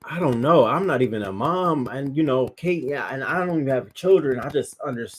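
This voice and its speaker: A man's voice: medium pitch, expressive, brisk, husky. A man hosting a commentary show, reacting to news stories with emphatic, profane outrage.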